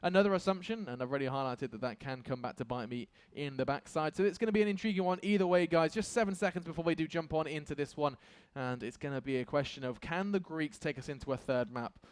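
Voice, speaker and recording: A man casting a competitive video game match, calling the action with quick excitable commentary and self-deprecating jokes. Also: medium pitch, smooth, no echo. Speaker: esports caster. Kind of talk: esports play-by-play commentary.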